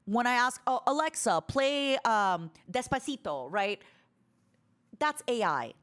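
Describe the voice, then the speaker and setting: A woman streamer chatting casually, rambling with restarts and fillers, with a tone she calls harsh and to the point. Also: slow pace. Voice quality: animated, self-described harsh to-the-point tone. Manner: rambling with many restarts and fillers, sudden loud squeaky imitations.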